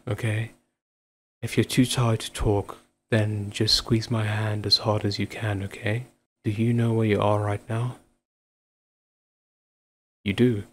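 A man acting as a tender young husband in an audio role-play, speaking slowly and softly in a fairly low voice, often stumbling over his words as he reassures his wife. A faint hum sits under the recording. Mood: relieved gentle. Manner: soft, stammering reassurance. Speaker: voice actor.

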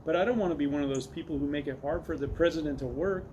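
A careful, worried boy from a children's storybook, speaking warily and a little crossly at a slightly raised pitch, as a man reads him. A soft room hum lingers behind the voice. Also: fast talker, muffled recording, close to an everyday voice. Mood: wary. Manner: wary, cross. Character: cautious, worried young boy.

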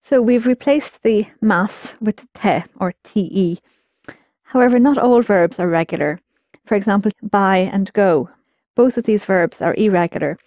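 A woman teaching a language class in a patient, explanatory way, setting out each rule and then prompting her students to try it. Her voice is mid-pitched and recorded close and dry. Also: unhurried, a little mellow, no room sound. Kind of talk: guided language lesson.

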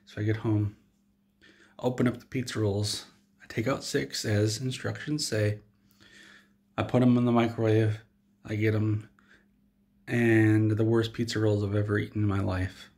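A man telling an absurd in-character comedy story in a rambling, deadpan way, with frequent restarts. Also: fairly low pitch, moderate pace, long pauses. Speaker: comedy vlogger.

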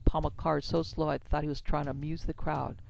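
Man doing a tough gambler, dry and terse, gravelly edge, a bit muffled, faint music. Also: a little high, level tone, a little fast, a little mellow. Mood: cool. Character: tough cool-headed male gambler.

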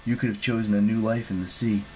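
A man voicing a sleepy, menacing ancient female earth goddess in an audiobook, mocking in a soft whisper. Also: on the low side, flat delivery, quick pace, slight background noise, close to an everyday voice, poor audio. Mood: taunting. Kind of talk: audiobook reading.

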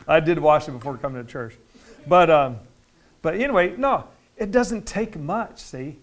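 A male pastor teaching a midweek Bible study in a church, talking conversationally with repeated words and loud emphatic stretches. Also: on the high side, expressive, brisk.

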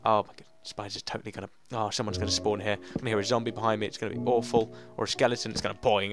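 A man's voice: lowish voice, fast, fairly bright tone, faint music behind. Chatty man narrating his gameplay. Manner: chatty, talks to himself, jokingly dramatic. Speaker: Let's Play gamer. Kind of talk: gaming commentary.

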